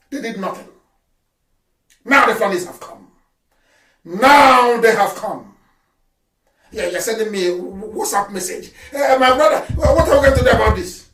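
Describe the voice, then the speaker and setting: Fiery high-voiced Nigerian man, echoey and distant. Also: lively intonation, normal speed, pauses often. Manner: fiery and scornful, shouting often, switching into Igbo phrases. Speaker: political activist leader addressing followers. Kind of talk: impassioned live address. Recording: echoey room, speaker far from the mic.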